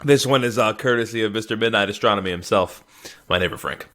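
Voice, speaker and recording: A man co-hosting a podcast, chatting casually and chuckling over a remote call. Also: on the low side. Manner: chuckling, quick reactions, lively. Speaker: podcast co-host. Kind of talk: casual chat. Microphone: video call.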